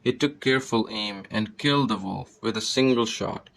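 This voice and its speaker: A man reading a children's fairy tale aloud in a steady storybook manner. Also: lowish voice, normal speed, creaky, low-quality recording. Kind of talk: scripted narration of a fairy tale.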